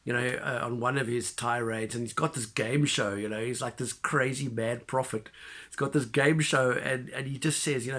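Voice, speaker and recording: A man giving a casual spoken film review, retelling the plot in an animated way with many fillers and restarts. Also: mid-range voice, moderate pace.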